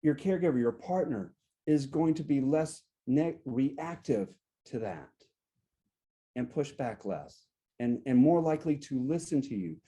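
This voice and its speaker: Dark-voiced man teaching a support group. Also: medium pitch, measured pace, breathy edge. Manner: explains step by step, often checks in with "right?"; acts out sample phrases to show a calm and an angry tone. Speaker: guest speaker on relationships. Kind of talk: workshop talk to a support group.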